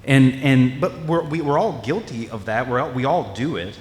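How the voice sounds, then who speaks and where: Conversational preacher in an echoey hall. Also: male voice, mid-range voice, normal speed, a little mellow. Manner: conversational, acts out quoted voices, many restarts. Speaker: pastor. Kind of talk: sermon. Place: church sanctuary. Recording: echoey hall with long reverb.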